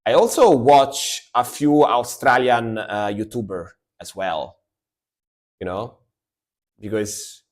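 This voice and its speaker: A man's voice: mid-range voice, slow. A man, chatting casually and rambling as he reacts to music on a live stream. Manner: chatty, rambling, lots of fillers.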